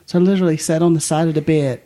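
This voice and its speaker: A woman's voice: low-pitched, rapid-fire. A woman guest talking casually and laughing often, poking fun at herself. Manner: laughs often, relaxed and self-mocking. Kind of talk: casual conversation.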